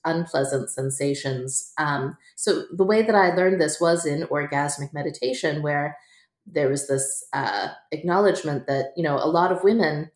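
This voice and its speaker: Low-voiced chatty woman, echoey room. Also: moderate pace. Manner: chatty, laughs often, many fillers like "like" and "um". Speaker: author and guest. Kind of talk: relaxed interview conversation.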